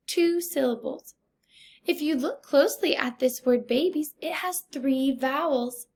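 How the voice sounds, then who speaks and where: A woman teaching a recorded first grade phonics lesson, speaking slowly and deliberately in an encouraging teacher's way. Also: high-pitched, gravelly, a little mellow.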